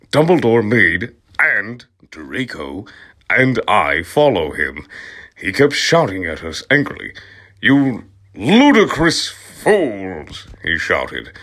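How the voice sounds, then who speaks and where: A man giving an amused, comic reading of a story, breaking off to laugh and comment, sometimes dropping to a whisper. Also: on the low side. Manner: drops into soft whispers at times. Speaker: channel host reading aloud. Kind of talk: comic reading of fan fiction, ASMR.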